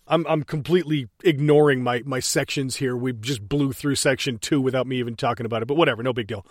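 A man's voice: mid-range voice, fast, hardly any pauses, no room sound. A man walks through a movie scene by scene in a loose, joking commentary. He swears freely and keeps laughing at the plot. His voice sits close and dry, with no room around it. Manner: profane, animated, laughing storyteller. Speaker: podcast co-host reviewing a movie.

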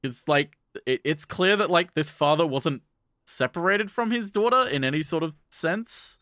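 A man's voice: a little high, animated, moderate pace, sharp tone, no echo, studio quality. A man casually recapping an anime episode as a podcast co-host, rambling with many restarts and fillers. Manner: quotes characters in offhand voices.

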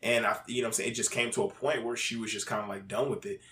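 Fast, bright-voiced man in a roomy space. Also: lowish voice, fairly even intonation, a little hiss or hum. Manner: loose and candid, many fillers, swears freely. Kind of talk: casual chat. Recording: roomy echo.

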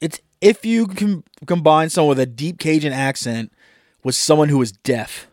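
A man's voice: fairly high pitch, expressive, normal speed, a little mellow, no echo, clean studio sound. A man co-hosting a podcast, telling rambling, profane stories in casual chat. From Delaware, US. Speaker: podcast co-host.

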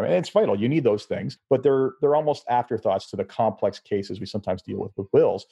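A man's voice: on the low side, lively intonation, quick pace, few pauses, dark tone, slightly rough. A man hosting an interview, casual and conversational as a financial planner. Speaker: podcast host, financial planner. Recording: dull lo-fi recording.

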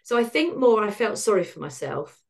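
On a podcast as a guest, a middle-aged woman speaks briskly in a creaky, medium-pitched voice. Candid and wry, she tells her story with animation, voicing the people she quotes.

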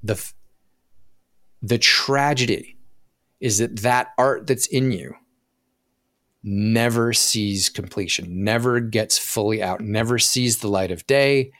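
A man's voice: lowish voice, slow, pauses often, fairly bright tone, no room sound, studio quality. A man speaking as a podcast guest who explains with animation, acting out inner voices and often stumbling and restarting his sentences. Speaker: podcast guest, profit coach. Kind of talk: podcast interview conversation.

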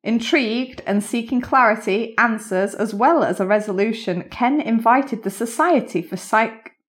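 A woman's voice: a little high, moderate pace. A woman hosting a podcast, narrating a scripted story and chatting with a guest, laughing at her own slips. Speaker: podcast host.

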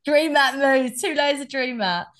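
A woman co-hosting a podcast in casual chat, animated and cheerfully sweary, reading out listener dilemmas. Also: high voice, measured pace, crowd noise. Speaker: podcast co-host.

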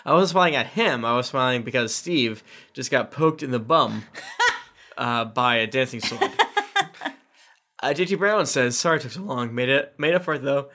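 A man's voice: medium pitch, pushed and bright. A man hosting a casual podcast, reading listener reviews aloud with playful voices and asides.

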